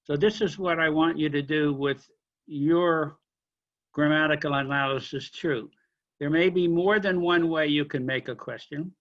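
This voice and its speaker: A man lecturing a linguistics class, explaining question forms slowly with examples and apologizing for being unclear. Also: fairly high pitch, steady tone, highs cut off. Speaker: linguistics instructor.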